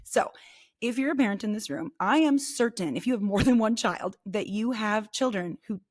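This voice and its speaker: A middle-aged woman co-hosts a relaxed faith podcast. She talks in an easy, animated way, laughs often and slips into quoted voices. Her pitch sits in the middle range. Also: normal speed. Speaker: podcast co-host. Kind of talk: casual faith conversation.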